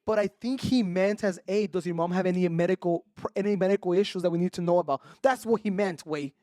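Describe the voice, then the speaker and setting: A Mexican man cohosts a podcast in casual chat, his voice fairly high and his delivery rapid. He tells animated, unfiltered stories, swears, and mixes Spanish into his English. The sound is dry and close, with no room sound.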